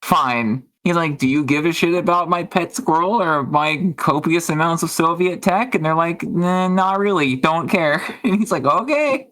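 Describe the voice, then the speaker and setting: A woman's voice: on the low side, moderate pace, hardly any pauses, a bit bright. A woman streamer chatting casually, rambling and giggling as she retells stories and acts out quotes. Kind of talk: casual chat.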